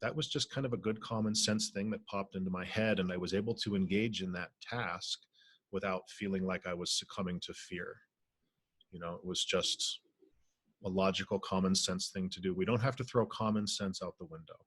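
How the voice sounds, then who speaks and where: A man who teaches spirituality, leading an online healing circle in a gentle, reflective way, pausing often on fillers. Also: sits low, steady tone, husky, no room sound. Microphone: video call.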